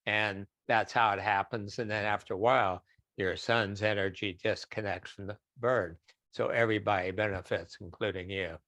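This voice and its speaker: A man's voice: fairly low pitch, steady tone, normal speed, a bit bright, no echo. A man speaking as a guest in an online question-and-answer session, chatty, sometimes acting out voices in quotes. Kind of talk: online webinar Q&A.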